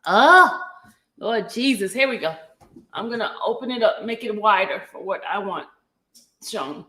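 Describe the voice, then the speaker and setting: A woman's voice: medium pitch, expressive, unhurried, long pauses, sharp tone. A woman hosting a casual livestream, chatting with viewers by name and reading documents aloud, stopping now and then to cough. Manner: chatty, greets viewers by name, apologetic asides. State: coughing, catching her breath. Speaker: livestream host.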